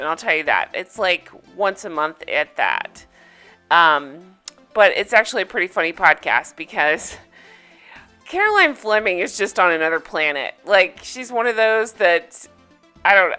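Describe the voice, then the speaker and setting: A woman's voice: medium pitch, sharp tone. A woman hosting a casual solo recap show, chatty and enthusiastic, rambling with fillers and asides. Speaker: podcast host recapping a reality show.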